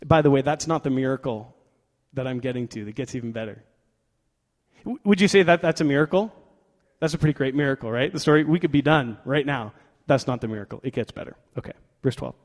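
A man's voice: mid-range voice, fast. A man preaching a sermon, telling a story with energy and acting out quoted voices. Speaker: pastor. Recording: long hall reverb.

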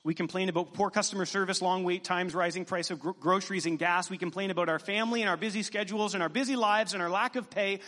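High-voiced pastor preaching in a reverberant hall. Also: male voice, fast talker, hardly any pauses. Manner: animated, joking asides to the congregation. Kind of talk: sermon. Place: church sanctuary. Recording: long reverb in a church hall.

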